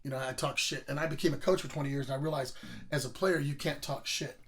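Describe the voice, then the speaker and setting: A man's voice: mid-range voice, fairly even intonation, quick pace. A middle-aged man casually telling rambling, profane stories about his school football days. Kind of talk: casual storytelling.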